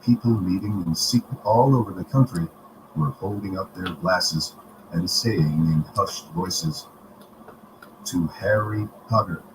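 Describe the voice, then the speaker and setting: A man reading a storybook aloud on a live stream, in a steady, expressive manner. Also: low-pitched, a little slow. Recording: noisy home recording.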